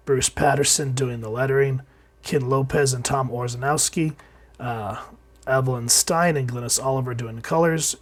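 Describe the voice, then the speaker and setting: Sounding hoarse and unwell, a man at medium pitch chats informally about an old comic book he's reviewing. His speech is full of fillers and false starts.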